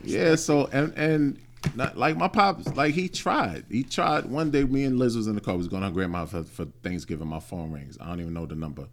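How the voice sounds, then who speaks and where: A man in his late thirties with a mid-range voice hosts a podcast, speaking briskly. In a casual chat, he tells a personal story bluntly and with plenty of profanity.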